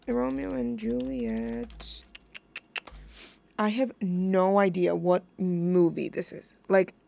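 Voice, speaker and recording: A woman's voice: a little high, creaky, a little mellow, no room sound. A young woman hosting a music radio show, chatting casually in a giggly, rambling way that keeps interrupting itself. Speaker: radio host. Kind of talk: casual chat.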